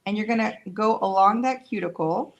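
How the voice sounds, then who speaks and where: In a medium-pitched voice at a moderate pace, a nail tech chats through a casual live product demonstration of her tools. She comes across as relaxed, slightly tired and self-deprecating.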